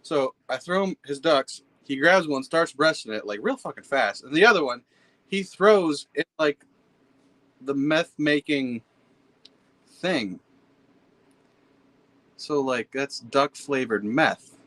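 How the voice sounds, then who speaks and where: A man's voice: on the high side, animated, takes it slowly, pauses often, a bit bright, no room sound, low-quality recording. A man from Pennsylvania, a podcast guest, telling stories in a laid-back, blunt and profane way. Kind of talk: casual storytelling chat.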